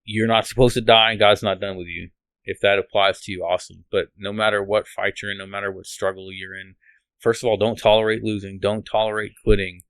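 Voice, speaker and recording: Man, podcast guest, earnest rambling testimony, slightly low voice, dry close sound. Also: flat delivery, brisk, fairly bright tone, smooth, no echo. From United States. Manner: earnest, rambling, restarts and laughs. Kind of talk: emotional testimony.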